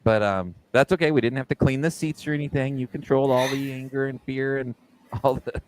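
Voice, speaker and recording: A man's voice: medium pitch, fairly even intonation, brisk. A middle-aged man co-hosting a podcast, joking and laughing in casual chat. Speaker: podcast co-host.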